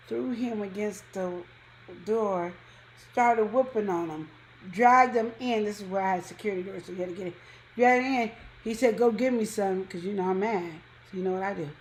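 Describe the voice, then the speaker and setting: A woman casually telling a personal story on a talk show, acting out quotes with sudden high jumps in pitch. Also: slight background noise. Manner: animated, acts out quotes with big pitch jumps. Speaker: co-host.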